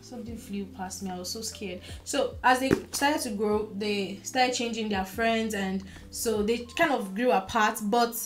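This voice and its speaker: A woman's voice: mid-range voice, a little slow, hardly any pauses, faint music behind. A young woman chatting casually about books she has read, gushing and repeating words for emphasis. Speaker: book reviewer. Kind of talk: casual book review chat.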